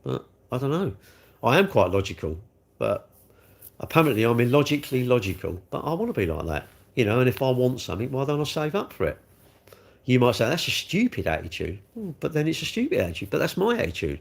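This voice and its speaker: Rambling middle-aged Englishman, lively pitch. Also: fast talker, vocal fry. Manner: rambling, talks straight to viewers. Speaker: livestream host. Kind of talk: casual chat.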